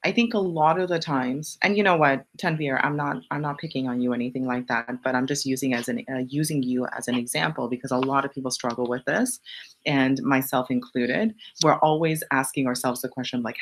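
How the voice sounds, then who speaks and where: A woman's voice: brisk, slight background noise. A woman hosting a casual motivational live stream, answering viewer questions bluntly and swearing for emphasis. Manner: jumps up in pitch on punchy repeated lines.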